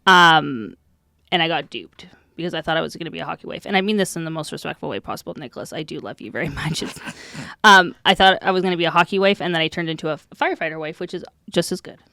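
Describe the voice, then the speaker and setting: A woman's voice: sits low, fast talker, gravelly, bright, forceful tone, no echo, studio quality. Giggly young woman telling a story. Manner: giggly storytelling, laughs a lot. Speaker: podcast co-host. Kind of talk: casual chat.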